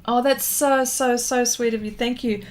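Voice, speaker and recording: A woman's voice: a little high, steady tone, moderate pace, slight background noise. An Australian woman, a pastel artist, chatting casually with her viewers during a live stream as she paints, thanking them and reading their comments aloud.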